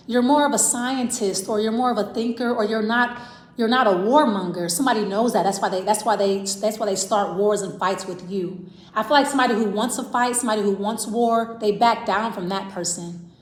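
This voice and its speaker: A woman's voice: medium pitch, a little fast. A woman giving a casual tarot reading to camera, rambling and repeating herself as she talks straight to the viewer. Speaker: tarot reader. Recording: roomy echo.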